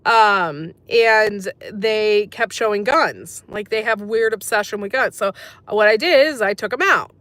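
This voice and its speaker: A woman's voice: mid-range voice, unhurried, a bit bright, dry recording. An American woman hosting a casual livestream, chatting with viewers and reading their comments aloud, with many ums. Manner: chatty, says um often, sympathetic. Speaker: livestream host reading chat.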